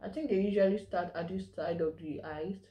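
A woman's voice: lowish voice, fairly even intonation, brisk, dull audio. A woman from Nigeria chatting casually in a vlog, explaining slang while she does her makeup. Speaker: vlogger.

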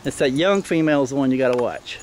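A middle-aged man, filming himself outdoors in a backyard and explaining things plainly in a firm voice that turns sharp when he barks commands. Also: mid-range voice, fast talker, a little hiss or hum. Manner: plain-spoken, firm commands with sudden sharp shouts at the dogs. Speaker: dog owner filming his own pack. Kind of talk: casual instructional narration. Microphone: handheld camera mic.

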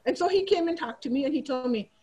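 Animated woman teacher telling classroom stories. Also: sits high, fast talker, slight background noise, rough recording. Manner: animated, acts out students' voices in quotes. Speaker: teacher giving a training talk. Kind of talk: storytelling presentation.

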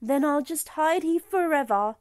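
Woman putting on a timid little boy duckling, high and soft, shy, lonely, storybook voice. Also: expressive, a little slow, dry recording, studio quality. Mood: sad. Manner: quiet, shy and sad.

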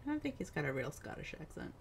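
A woman's voice: low-pitched, big pitch swings, fast talker, gravelly, a little hiss or hum. A woman casually commenting on a game, muttering her thoughts aloud. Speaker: game streamer.

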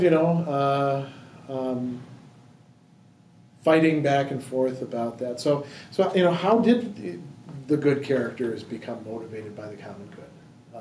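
A dark-toned, mid-range male voice guides a casual book discussion in a library room. Thinking aloud, he stumbles through fillers and restarts, recorded via a distant mic in a spacious hall with faint noise.

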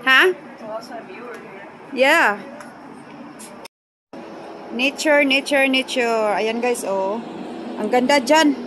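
A woman's voice: medium pitch, background noise. A woman chatting casually to her viewers on a phone while out on a bike ride and at a park. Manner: chatty, mixes English with Tagalog. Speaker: vlogger. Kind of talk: casual vlog narration while biking.

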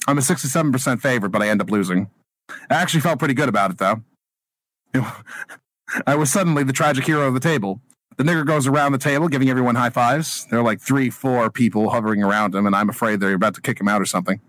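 A man's voice: mid-range voice, quick pace, fairly bright tone, no room sound. A man hosting a podcast, reading a story aloud and breaking into laughing asides. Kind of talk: casual podcast chat and reading.

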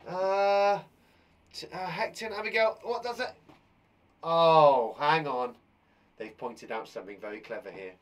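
A man's voice: a little high, unhurried, pauses often. A playful man, a young adult primary school teacher giving a live online lesson for children with theatrical, chatty reactions.

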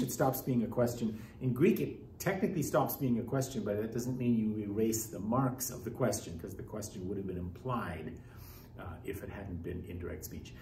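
A man's voice: warm tone, recorded from a distance. A man teaching a Greek class, explaining grammar step by step and asking rhetorical questions. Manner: explanatory, rhetorical questions, pitch rising and falling widely. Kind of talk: classroom lecture. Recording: echoey classroom, speaker off-mic, faint hiss.

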